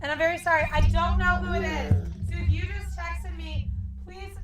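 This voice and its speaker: A woman's voice: very high-pitched, steady tone, moderate pace, loud music behind the voice. A young woman co-hosting a casual youth group live stream from home, chatty, playful and often apologetic. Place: home with small children.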